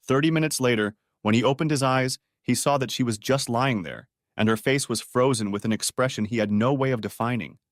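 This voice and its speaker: Man, audiobook narrator, steady delivery, mid pitch, dry close recording. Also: brisk, hardly any pauses, no room sound.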